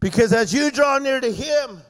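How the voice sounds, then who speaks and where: A middle-aged male preacher with a strikingly high voice, rallying the crowd with call-and-response at a church service. His words ring out in a long, echoing hall. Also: lively intonation, moderate pace, fairly bright tone. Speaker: guest preacher. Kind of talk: sermon. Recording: echoey hall reverb.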